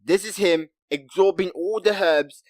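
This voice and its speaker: A man hosting an anime recap, commenting casually over clips, excitable and repeating himself while talking straight to viewers. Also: sits high, measured pace, no echo. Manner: excitable, repeats himself, keeps addressing viewers with "look" and "guys".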